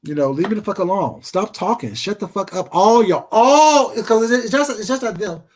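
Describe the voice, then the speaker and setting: A man with a notably high voice delivers a profane, confrontational rant straight to camera. He is combative and talks to his viewers casually, as if they are sitting across from him. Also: expressive, moderate pace, darkish tone. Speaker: vlogger.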